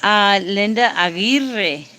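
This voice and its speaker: Slow-talking woman, fond and coaxing. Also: mid-range voice, pushed and bright. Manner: doting, coaxing, talks to him tenderly. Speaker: live-stream host. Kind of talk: casual live-stream chat.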